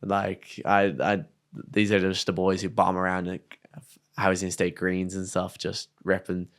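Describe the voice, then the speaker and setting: A young Irish man spins a casual story as a podcast guest, sprinkling his talk with slang and swearing. His voice sits low and comes across smooth and clear. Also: measured pace. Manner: animated, swears freely, slangy anecdote telling. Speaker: podcast guest, downhill mountain bike racer.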